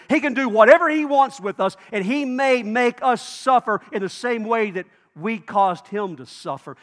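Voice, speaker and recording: A pastor preaching a sermon, telling a story expressively and acting out the speakers in it. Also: male voice, high-pitched, fairly bright tone. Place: church sanctuary. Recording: long hall reverb.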